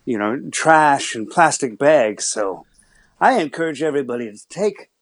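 A man's voice: mid-range voice, animated, moderate pace, no room sound, close to an everyday voice. A man playing a friendly pirate captain in a chat, speaking in his everyday voice, hesitant with many fillers. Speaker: pirate character guest.

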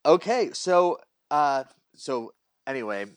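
A man's voice: a little high, animated, takes it slowly, smooth, no room sound. A man hosting a podcast, chatting casually and encouraging his guest in an upbeat way. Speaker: podcast host. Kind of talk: casual interview chat.

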